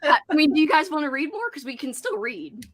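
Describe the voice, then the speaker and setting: This livestream host has a high, sing-song voice and a brisk delivery. She keeps things casual with her guests, chatting, giggling, and reading out what viewers write.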